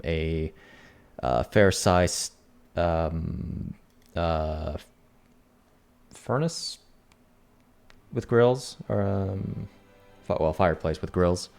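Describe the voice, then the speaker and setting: A man narrating as game master of a tabletop game, halting with many fillers, over faint music. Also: low-pitched, vocal fry, a little mellow, clean tone.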